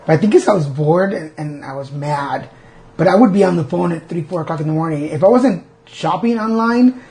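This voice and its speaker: A man with a fairly high voice and a gravelly fry talks in a quick, candid way. He is a podcast host who makes fun of himself as he chats. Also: a little mellow. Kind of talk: casual chat.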